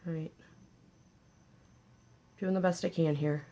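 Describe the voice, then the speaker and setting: Speaking slowly in a low, mellow voice with fairly even intonation, a woman runs a relaxed paper craft tutorial. She chats and jokes with viewers throughout while she works.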